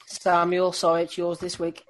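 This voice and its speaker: A man hosting a casual chat, brisk and offhand as he runs the votes. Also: high-pitched, completely flat delivery, dry recording. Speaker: podcast host.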